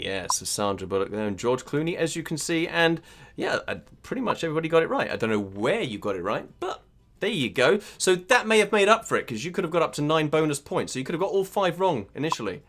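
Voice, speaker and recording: A British man hosts an online pub quiz with a bright, forward tone. His pitch swings freely as he teases players and reads out their answers. He sounds upbeat and playful. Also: very animated, fast talker. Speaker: quiz host.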